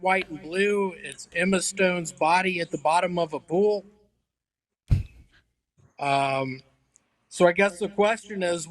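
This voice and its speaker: A man doing a stand-up set, delivering deadpan one-liners with hesitant fillers between jokes. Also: high-pitched, rough recording. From Memphis, Tennessee. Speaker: stand-up comedian.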